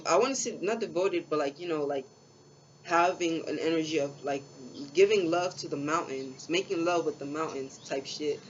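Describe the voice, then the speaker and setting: A young man casually rambling through a spiritual story, in laid-back, slangy talk full of swearing and fillers. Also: on the high side. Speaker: spiritual vlogger. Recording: dull lo-fi sound with faint background hiss.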